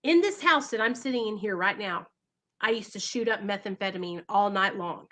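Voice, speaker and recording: Bright-voiced woman hosting a recovery livestream. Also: medium pitch, moderate pace. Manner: earnest, emotional, keeps addressing viewers directly. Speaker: recovery channel host. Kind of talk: livestream talk to viewers. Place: at home.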